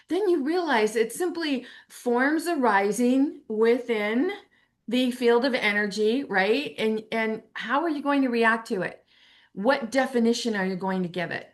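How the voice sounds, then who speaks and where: A woman speaking as a spiritual teacher, telling a personal story in a casual, animated way and acting out her own inner voice. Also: fairly high pitch, a little slow. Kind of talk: casual personal reflection to camera.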